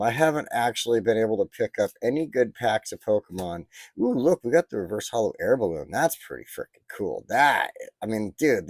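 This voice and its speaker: Casual male unboxer, mellow low voice, excitable and rambling, dry close recording. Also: no room sound. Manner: chatty, easily excited, rambling asides. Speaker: card-opening vlogger.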